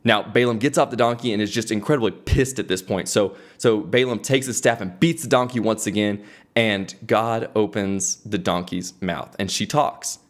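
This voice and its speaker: A man's voice: fairly low pitch, normal speed. A young man hosting a podcast, who retells a Bible story conversationally with frequent restarts. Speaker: podcast host. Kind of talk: casual devotional storytelling.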